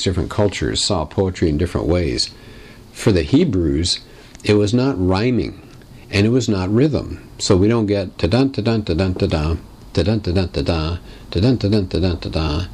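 A man's voice: lowish voice, darkish tone, slight background noise. A man teaching a lesson on biblical poetry, asking wry rhetorical questions in a conversational way. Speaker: Bible teacher.

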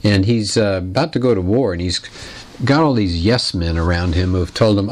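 A man teaching a lecture on literature in a conversational, explanatory way, putting questions to his listeners and clearing his throat now and then. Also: low-pitched, moderate pace, a little mellow.

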